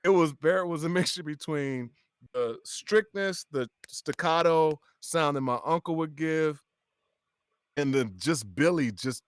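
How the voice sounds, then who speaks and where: A man, a voice actor guest, chatting on a livestream and telling lively stories with frequent laughs. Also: on the high side, measured pace, smooth, dry recording. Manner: animated storyteller, laughs often. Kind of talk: casual livestream chat.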